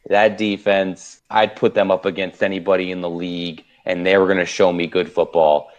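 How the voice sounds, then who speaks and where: Low-voiced man making sports picks. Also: little pitch movement, moderate pace, dull audio. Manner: rambling, many fillers and restarts. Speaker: podcast co-host. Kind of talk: casual sports picks chat.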